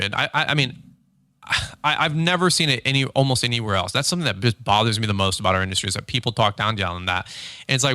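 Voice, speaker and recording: A middle-aged man hosts a podcast with a blunt, fired-up delivery. He leans hard on repeated phrases and acts out the voices of people he quotes. His voice is bright and forceful, recorded dry and close to the mic. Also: mid-range voice, quick pace, dry recording. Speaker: podcast host, lawn care business owner. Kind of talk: energetic motivational podcast talk.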